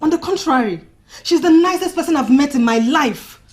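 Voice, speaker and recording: A woman's voice: sits high, animated, moderate pace. An actress playing a hurt young bride who confronts her fiancé in a reproachful, pleading way.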